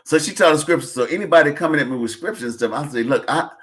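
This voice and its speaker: A man hosting a casual conversation, telling stories in an animated, preachy way. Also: on the high side, very fast. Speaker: podcast host.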